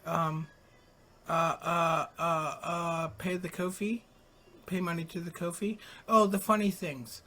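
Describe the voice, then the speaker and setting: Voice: medium pitch, steady tone, slow pace, bright, forceful tone. Rambling, frank late-night radio host. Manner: rambling, frank, swears casually. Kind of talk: late-night casual live radio talk.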